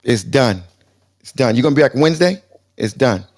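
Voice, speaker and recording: A man's voice: medium pitch, lively intonation, normal speed, darkish tone. A man moderating a live chat room, casual and streetwise, joking and calling people brother. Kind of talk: casual slangy banter.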